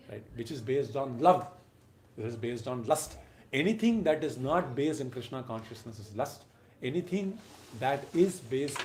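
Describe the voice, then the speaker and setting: A man giving a devotional lecture, emphatic, swinging between loud and soft phrases and briefly chanting verses. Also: medium pitch, echoey room, a little hiss or hum.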